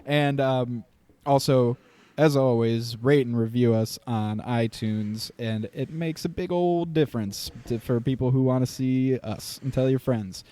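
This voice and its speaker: A man's voice: medium pitch, unhurried, warm tone. A man hosting a podcast in casual chat, joking and laughing often. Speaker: podcast host.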